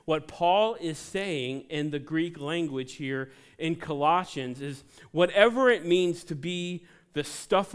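A man preaching a sermon, his voice sitting a little high. He moves between scripture and playful asides to the congregation, keeping it animated. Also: smooth. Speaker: pastor.

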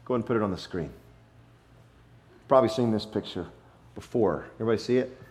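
A man preaching a sermon, emphatic, with dramatic pauses and repetition, sometimes playful. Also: on the low side, a little mellow. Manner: playful, acts out wrong versions for effect. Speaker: pastor.

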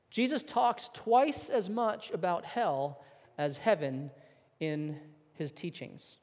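Male pastor, high voice, earnest emphatic sermon, long echo of a big hall. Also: darkish tone. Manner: earnest, emphatic, with some repeated words.

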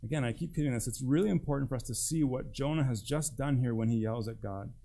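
A man's voice: medium pitch, fast talker, mellow. A man preaching a sermon as pastor, with an emphatic delivery that swings between rising and dropping.

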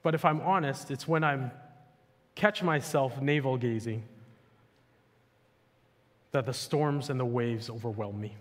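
A man's voice: medium pitch, a little slow, long pauses. A male pastor giving a sermon in a casual, conversational way, full of "like" and "you know", to a church. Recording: echoey hall with long reverb.

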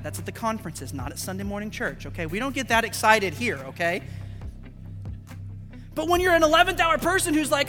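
A man's voice: very high-pitched, moderate pace. A man preaching a sermon in a church, telling stories and acting out dialogue between characters. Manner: animated storytelling, acting out dialogue. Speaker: pastor. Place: church sanctuary. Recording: large hall with music behind.

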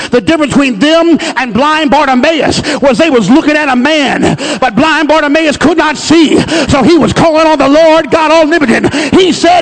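Male pastor, very high voice, emphatic shouted preaching with repeated lines. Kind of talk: sermon. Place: church sanctuary.

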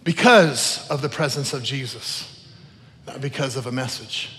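A man's voice: mid-range voice, a little slow, fairly bright tone. A man pastor preaching a sermon in an earnest, emotional manner, praying aloud between points. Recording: long reverb of a large hall.

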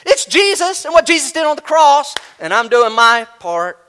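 A male pastor preaching a sermon, animated, acting out imagined voices as he teaches. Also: extremely high pitch, moderate pace.

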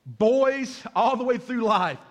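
A man in his fifties, a pastor preaching a sermon in a lively, joking way, acting out little scenes and calling for amens. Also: extremely high pitch, takes it slowly. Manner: lively and joking, acts out voices, calls for amens from the congregation.

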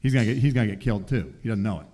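Male teacher sharing a faith story; animated, acts out quotes, sinks quiet for the heavy parts. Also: racing. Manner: animated storytelling with acted quotes, often drops soft and low.

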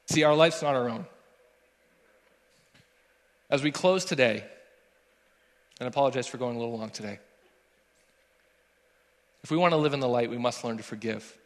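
A young man, a worship leader, preaching a sermon and telling a personal story, acting out the dialogue with animation. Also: mid-range voice. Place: church sanctuary. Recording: long church hall reverb.

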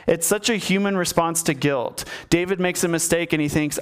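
A man's voice: on the high side, normal speed, hardly any pauses, clean tone. A man giving a sermon in a conversational storytelling manner, talking to his listeners directly. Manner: conversational storytelling, acts out the characters. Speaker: preacher.

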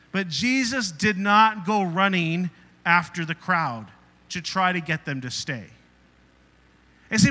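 Bright-voiced pastor preaching in a hall. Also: male voice, sits high. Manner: conversational, asks the congregation questions; acts out quoted voices in retelling. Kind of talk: sermon. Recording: reverberant hall.

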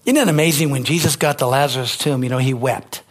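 A man's voice: medium pitch, quick pace. A man preaching a sermon as pastor, emphatic and calling out to his congregation for responses.

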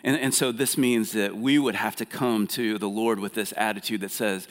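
A man preaching a sermon in an earnest, conversational way, often repeating words as he restarts and softening when he paraphrases God. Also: on the low side, fairly even intonation, moderate pace. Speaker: pastor. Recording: long hall reverb.

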